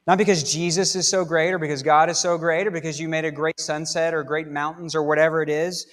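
A man's voice: fairly high pitch, flat delivery, fast talker, hardly any pauses, fairly bright tone, in a large hall. A man preaching a sermon as pastor, conversational and emphatic, stretching out words for stress. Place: church sanctuary.

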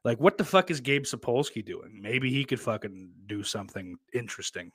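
A young man talking into a close desk mic during a live stream, blunt and profane. He rambles, restarts his sentences and laughs at his own jokes, at an ordinary middle pitch. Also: animated, a little fast, a bit bright, husky, no echo. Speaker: streamer reading chat. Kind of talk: casual profane live-stream chat about wrestling.

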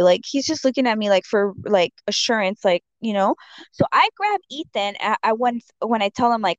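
A woman's voice: a little high, lively intonation, a little fast, no room sound. A woman telling a story in casual chat, rambling with many fillers and acting out the quotes. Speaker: storyteller in a conversation. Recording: dull dry lo-fi audio.

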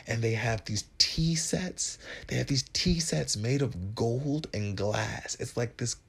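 A man in his twenties from Wisconsin telling a story on his podcast in a casual, joking, profane way, often putting on higher voices for other people's lines. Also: takes it slowly, vocal fry, husky. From Wisconsin, USA. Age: 20s. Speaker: podcast host.

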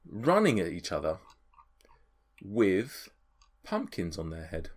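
A man's voice: deep voice, huge pitch swings, slow. A man narrating a tabletop game as game master, with lots of hesitant fillers.

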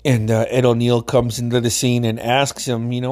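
A man's voice: medium pitch, flat delivery, normal speed, darkish tone. A man casually telling a rambling personal story, laughing often and swearing a lot.

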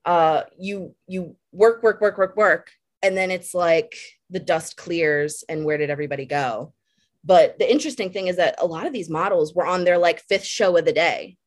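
A young woman, a makeup artist guest, chatting casually and telling lively stories on a podcast. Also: on the low side, moderate pace. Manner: animated storyteller, laughs while telling.

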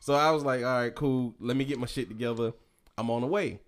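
A man spins a wild night-out story for his podcast co-hosts, laughing through it and acting out what everyone said. His talk is loose, profane and animated, the easy back-and-forth of friends around a table. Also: mid-range voice, a little fast. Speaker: podcast co-host. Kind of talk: casual storytelling among friends.

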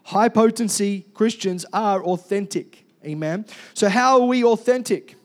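A high-voiced male pastor delivering a sermon with loud, energetic drive. He keeps prompting the congregation to say key words back to him. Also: measured pace.

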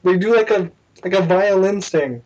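A man's voice: high voice, normal speed, a little mellow. A man co-hosting a podcast in casual chat, joking and self-deprecating. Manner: joking, self-deprecating, tries silly voices. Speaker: podcast co-host. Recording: dull lo-fi sound with faint noise.

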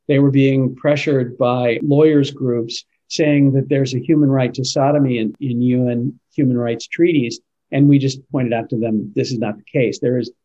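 A Catholic advocacy leader, appearing as an interview guest, answers questions in a conversational way, earnest and emphatic and often restarting his sentences. His voice is medium-pitched and mellow, and the recording has its highs cut off.

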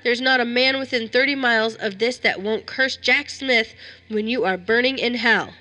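A woman reading a story aloud, voicing a rough frontier vigilante man who speaks harshly, scornfully and threateningly. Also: a little high, normal speed, bright, forceful tone. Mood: menacing.

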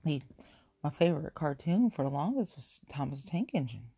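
A woman's voice: low-pitched, sing-song, a little fast, dark tone, husky, dry recording. A woman from chatting casually on her own show, rambling, repeating herself and speaking frankly. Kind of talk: casual solo chat.

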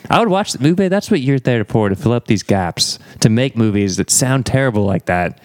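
A man's voice: mid-range voice, lively intonation, fairly quick, no room sound. A man hosting a comedy podcast, teasing a guest and laughing often. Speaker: podcast host. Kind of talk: comedic casual chat.

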